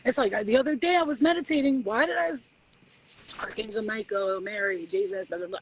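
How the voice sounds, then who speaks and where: A woman hosting a live stream as a spiritual reader, giving a swearing, preachy pep talk that swoops in pitch and slows for stress. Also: a little hiss or hum, low-quality recording. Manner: profane, preachy, animated.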